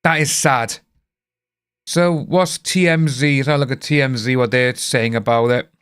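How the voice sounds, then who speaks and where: A man's voice: medium pitch, fairly even intonation, moderate pace, fairly bright tone, clear, resonant tone. A young British man chatting casually on a live stream, rambling and greeting viewers by name. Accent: British English. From United Kingdom.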